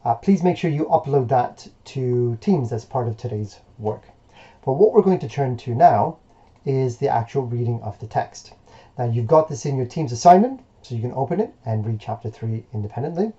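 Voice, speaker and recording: Male teacher, very warm mellow voice, encouraging, hesitant fillers, muffled lo-fi mic. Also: medium pitch, lively intonation, normal speed. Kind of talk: recorded remote lesson.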